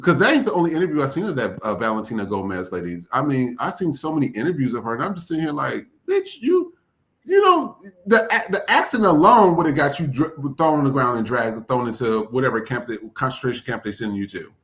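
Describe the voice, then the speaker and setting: An exasperated man co-hosting a podcast, talking in a lively voice that swings widely in pitch. His commentary is heated, casual and full of profanity, with a mid-range voice. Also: fast, few pauses. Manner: animated, exasperated, profane ranting. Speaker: podcast co-host.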